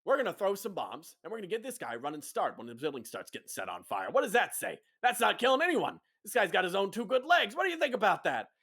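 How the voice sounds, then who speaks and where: A brash, blustering ringleader, voiced by a male game master in a tabletop roleplay. He speaks loudly and eagerly, with a raised voice that swings a lot in pitch. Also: big pitch swings, fast talker, few pauses, heavily acted. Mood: boisterous.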